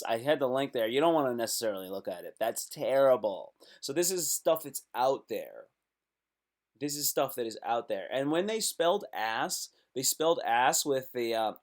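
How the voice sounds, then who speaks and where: Man, live streamer, casual commentary, slangy, reacts out loud, mid-pitched voice. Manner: slangy, reacting aloud to web posts.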